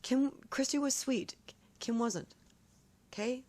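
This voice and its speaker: A woman's voice: fairly high pitch, very animated, unhurried, darkish tone. A woman in a casual vlog, telling a long story in an emphatic, accusatory way, often repeating her points. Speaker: vlogger.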